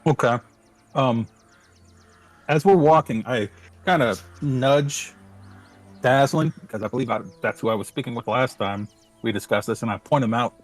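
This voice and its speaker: A man playing in a tabletop game, describing his character's moves haltingly as he thinks aloud. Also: medium pitch, soft background music. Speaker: player. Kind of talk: tabletop role-play.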